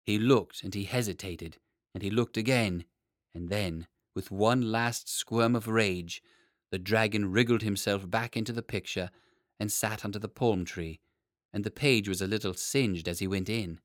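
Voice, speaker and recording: Low-voiced man reading a storybook. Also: no echo, clean studio sound. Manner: measured, expressive reading. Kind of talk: scripted storybook narration.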